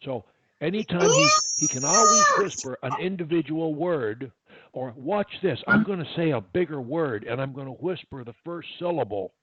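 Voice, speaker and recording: A man coaching a family on stuttering, patiently talking and showing different voices, loud to soft. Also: normal speed. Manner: patient, demonstrates voice changes, lively swings in pitch. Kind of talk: coaching lesson with demonstrations. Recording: dull lo-fi sound with loud hiss.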